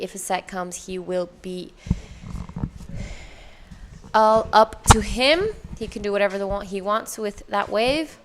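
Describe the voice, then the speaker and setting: A woman's voice: medium pitch, a bit bright. Fluent female surf co-commentator. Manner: fluent, detailed wave-by-wave analysis. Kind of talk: live play-by-play commentary.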